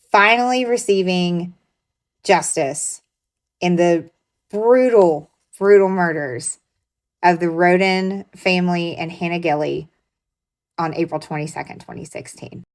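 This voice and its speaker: A young woman with a lowish voice chats casually in a true crime video update, using fillers and restarting her sentences. She is a true crime content creator, and there is no room sound.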